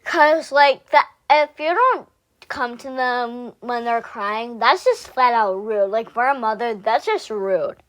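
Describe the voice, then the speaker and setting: A young woman reacting in casual chat, slow and hesitant, with many fillers. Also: fairly high pitch, expressive, a bit bright. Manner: slow, hesitant, keeps saying "oh my goodness". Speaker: co-host reacting to stories.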